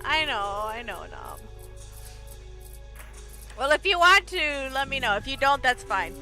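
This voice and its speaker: Bright, lively woman streamer. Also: sits high, unhurried, soft background music. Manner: laughing, excitable, shouts in reactions. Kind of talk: casual game streaming with reading aloud.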